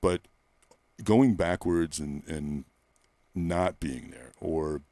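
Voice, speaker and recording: Drawing out his words in an extremely low-pitched voice, a male personal trainer rambles through stories during a candid interview, blunt and profane throughout. The close-miked, quiet-room recording has no echo.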